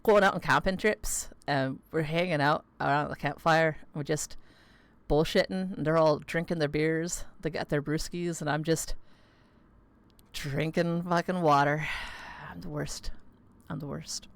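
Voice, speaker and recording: Low-voiced chatty woman streamer. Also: steady tone, a little slow. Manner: chatty, rambling, many "like" fillers, laughs often. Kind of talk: casual gaming livestream chat. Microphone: close desk mic.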